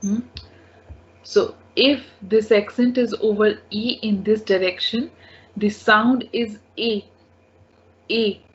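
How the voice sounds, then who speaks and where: Slow, patient woman teaching French. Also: mid-range voice, fairly even intonation. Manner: patient, repeats each word several times. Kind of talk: slow language lesson. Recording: dull lo-fi recording.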